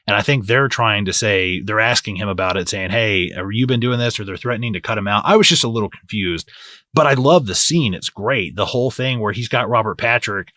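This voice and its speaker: A man's voice: fairly low pitch, brisk, bright, forceful tone, no room sound. A man co-hosting a movie podcast in casual, profane chat who often acts out lines from the film. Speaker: podcast co-host.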